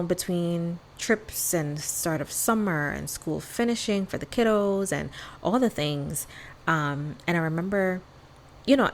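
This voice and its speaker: A woman with a lowish voice hosts a solo podcast, chatting candidly and casually and often acting out bits of dialogue. The audio is poor, with slight background noise.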